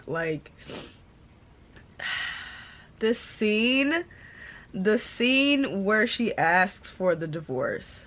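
A woman's voice: mid-range voice, lively intonation, drawn-out words, pauses often, fairly bright tone. Young woman book vlogger; tearful, crying while talking to camera. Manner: tearful, emotional, repeats herself. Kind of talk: casual vlog talk to camera.

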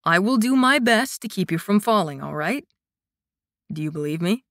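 Woman lowering her voice for Kai, a teasing young warrior. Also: lively intonation, moderate pace, a bit bright, no echo, clean studio sound. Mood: reassuring. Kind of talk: audiobook narration.

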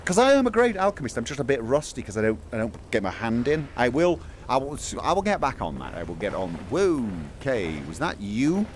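Animated man chatting through a game. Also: mid-range voice, a little fast, hardly any pauses, slight background noise. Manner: playful, chatty, talks to his companion; excitable, jokey asides. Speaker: gaming streamer. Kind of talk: casual VR gameplay commentary. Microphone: VR headset mic.

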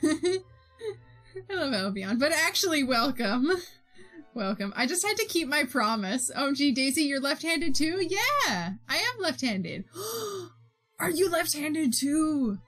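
A woman's voice: sits high, very animated, slow pace, fairly bright tone, faint music behind. Bubbly, giggly woman chatting with viewers. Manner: giggly, reads chat aloud, bubbly. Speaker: streamer. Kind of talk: casual chat while drawing.

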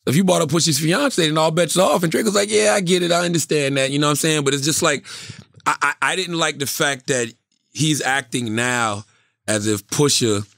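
A man co-hosting a podcast in casual chat, animated and opinionated, with frequent swearing. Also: fairly high pitch, fairly quick, creaky, dry recording, studio quality. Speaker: podcast co-host. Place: studio.

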